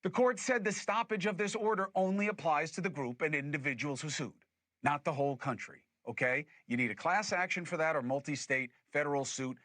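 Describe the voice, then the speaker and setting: A man's voice: fairly high pitch, bright, forceful tone, no room sound. A man hosting a political commentary show, arguing his points emphatically and putting things in plain terms. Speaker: host.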